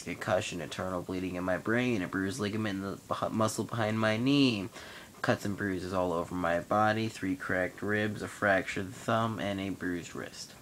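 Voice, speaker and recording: A young man in his late teens hosting his own vlog, telling a long personal story in a casual, rambling, matter-of-fact way with pauses. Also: sits low, a bit bright, a little hiss or hum. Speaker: vlog host.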